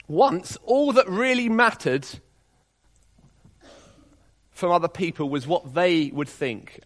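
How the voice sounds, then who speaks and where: A man preaching a sermon to his congregation, reading scripture aloud and dropping to quiet, intimate appeals. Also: fairly high pitch.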